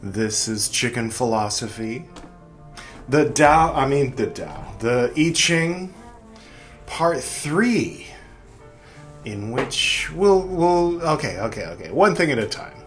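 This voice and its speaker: A man's voice: mid-range voice, big pitch swings, slow, faint music behind. A young man hosting a podcast, chatting casually and rambling, mocking himself with lots of fillers and restarts. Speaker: podcast host. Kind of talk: casual chat to camera.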